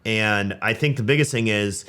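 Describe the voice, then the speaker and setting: A man's voice: on the low side, moderate pace, pushed and bright. A man hosting an interview, thinking aloud in a casual, wondering way. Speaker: host.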